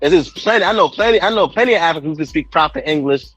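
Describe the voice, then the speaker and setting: A man's voice: on the high side, animated, rapid-fire, a bit bright, no room sound, lo-fi sound, faint music behind. A man with a New York accent, talking in casual group chat, restarting and repeating himself as he argues a point.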